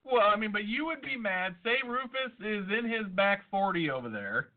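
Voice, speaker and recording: A man's voice: high-pitched, expressive, normal speed. A man co-hosting a podcast in casual, profane chat, arguing and joking. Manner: argumentative, jokey, swears a lot. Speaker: podcast co-host. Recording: tinny phone-like sound.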